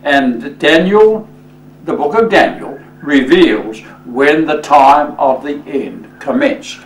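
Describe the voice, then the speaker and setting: A male pastor preaching a sermon, slow and emphatic, often addressing listeners as friends. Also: fairly high pitch, expressive, roomy sound, far from the mic, low-quality recording.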